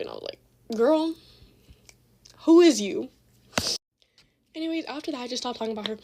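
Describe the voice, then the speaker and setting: A woman's voice: fairly high pitch, a little hiss or hum. A teenage girl telling a messy school drama story in a casual, slangy, profane rant. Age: teens. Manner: fast, slangy, profane, animated retelling.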